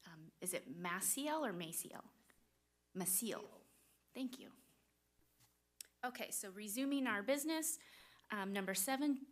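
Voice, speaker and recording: A woman runs a public school board meeting and moves through the agenda in a procedural way. She reads votes and case numbers aloud, pausing often with "um" as she goes. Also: mid-range voice, animated.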